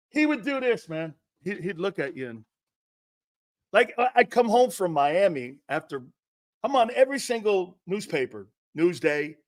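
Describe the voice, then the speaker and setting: Sports talk host, middle-aged man, brash and profane storyteller, high-pitched, sharp tone. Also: gravelly, no room sound, clean studio sound. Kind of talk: animated sports talk monologue.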